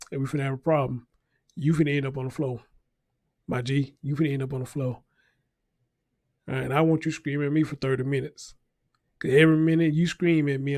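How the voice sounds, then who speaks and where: A man's voice: medium pitch, darkish tone, no echo, clean studio sound. A man hosting a casual news commentary show, talking bluntly and profanely and repeating his points for emphasis. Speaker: show host.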